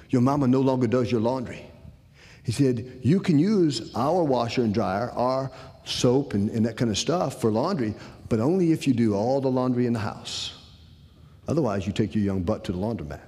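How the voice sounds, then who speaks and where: A man telling a personal story to an audience, acting out the dialogue. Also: mid-range voice. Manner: animated, acts out the dialogue. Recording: long hall reverb.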